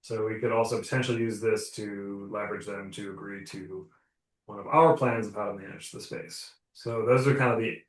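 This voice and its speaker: A man's voice: on the low side, steady tone, a little fast. A man plays a tabletop game and lays out his reasoning step by step for the group. His voice comes from a distance in an echoey room. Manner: thinking aloud, listing points. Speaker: player. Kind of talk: tabletop game strategy chat. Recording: roomy sound from a distant mic.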